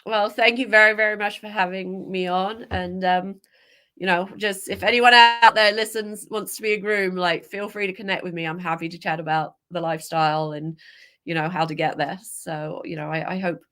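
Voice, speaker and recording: A woman's voice: lowish voice, steady tone, normal speed, pushed and bright. A woman from England, a professional horse groom, talking emotionally in a rambling way with many restarts, on a video call. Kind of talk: casual video-call interview.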